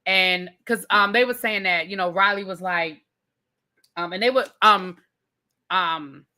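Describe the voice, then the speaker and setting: A woman hosts a casual live review of a TV show and talks straight to her viewers. Her voice is bright and forward. She retells scenes in an animated, informal way, stumbling through restarts and fillers. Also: medium pitch, a little slow. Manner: informal, addresses viewers as y'all. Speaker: TV review host. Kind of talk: casual live recap rant.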